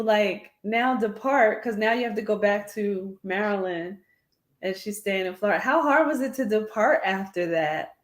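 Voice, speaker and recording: A woman's voice: mid-range voice, echoey room. A woman host interviewing guests, responding often and laughing along. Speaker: talk show host.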